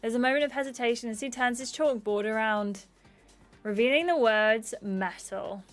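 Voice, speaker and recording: A woman's voice: fairly high pitch, normal speed, soft background music. A woman streamer reading a dating game aloud, voicing its characters and chatting with viewers. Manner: reads narration and dialogue aloud, chatting with viewers. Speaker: gaming streamer.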